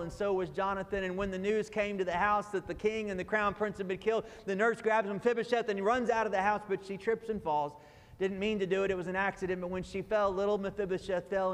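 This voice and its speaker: A man's voice: high-pitched, big-room sound. A man preaching a sermon as pastor, raising his voice for emphasis and acting out the lines he quotes.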